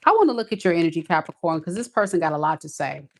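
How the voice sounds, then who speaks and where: A woman's voice: on the low side, animated, very fast. A woman giving a casual tarot reading, talking in a blunt, sassy, emphatic way. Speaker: tarot reader.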